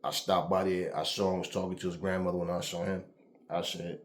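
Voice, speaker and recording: Seated indoors in front of a camera, a boxing trainer tells a story in a casual, profane, emphatic way, acting out the scenes he describes. His voice sits low and level, his delivery is brisk, and there's a slight hiss or hum.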